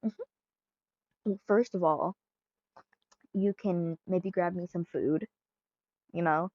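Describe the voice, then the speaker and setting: A woman's voice: fairly low pitch, slow, dry recording, muffled recording. A woman playing a playful, teasing young girlfriend in a fan audio role-play.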